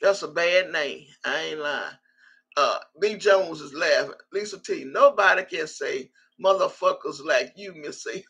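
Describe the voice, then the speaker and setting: A woman's voice: on the low side, expressive, moderate pace, pushed and bright, husky. A woman hosting a casual livestream and reading viewers' comments aloud, brash and profane, often laughing. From Texas. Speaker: livestream host.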